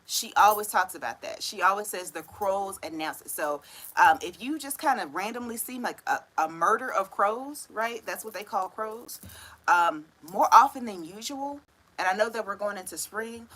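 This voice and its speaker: A woman's voice: medium pitch, expressive, normal speed, pushed and bright, poor audio. A woman giving a casual tarot reading, talking in a chatty, slangy way full of "right?" tag questions and frequent laughs. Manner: laughs often while telling stories. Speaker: tarot reader.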